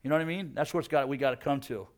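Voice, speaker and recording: A middle-aged man giving a casual, energetic sermon, peppering his talk with "man" and asking "you know what?". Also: medium pitch, rapid-fire. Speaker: preacher.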